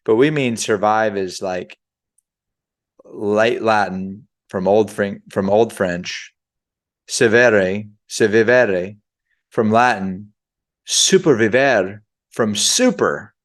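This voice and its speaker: A man with a fairly low voice gives a motivational talk to his sales team. He speaks conversationally and stops to unpack the meaning of words, with his pace shifting often. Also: slow.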